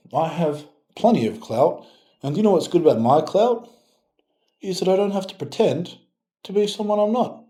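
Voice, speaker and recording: A man's voice: sits high, dark tone. A man, a strength coach, chatting casually and sarcastically as he reacts to comments, with playful mock-scolding. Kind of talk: casual reaction video chat. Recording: roomy echoey room.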